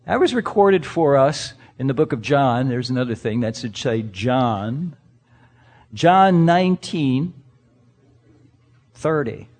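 A man preaching a sermon, emphatic and full of rhetorical questions, swinging between loud and hushed. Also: mid-range voice. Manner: speaks to the congregation directly. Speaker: pastor.

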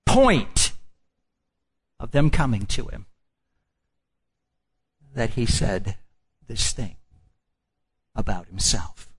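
A man's voice: medium pitch, sing-song, extremely slow, pauses often, breathy edge. A man preaching a sermon. He draws out his phrases for emphasis and puts questions to the congregation. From Midwestern United States.

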